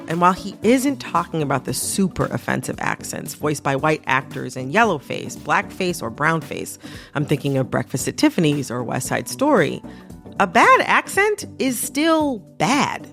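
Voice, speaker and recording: A woman hosts a radio show, her voice swinging widely in pitch as she leans into each point with playful indignation. She sounds close to a studio mic, with faint music underneath. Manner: lively, emphatic, playfully indignant. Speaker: podcast host. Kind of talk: scripted radio narration and interview. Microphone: studio microphone.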